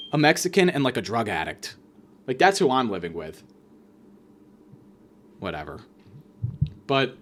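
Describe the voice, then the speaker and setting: Young guy ranting and swearing, voice jumps all over, kinda high. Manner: profane, sarcastic, animated ranting. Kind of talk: ranting storytelling monologue.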